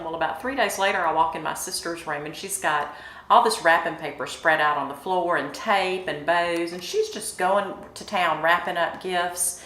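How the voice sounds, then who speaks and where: A woman's voice: fairly low pitch, normal speed, echoey room, rough recording. A woman, a mayor chatting in an interview with lots of fillers. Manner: warm, chatty, many fillers, emotional in places. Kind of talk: casual interview reminiscing.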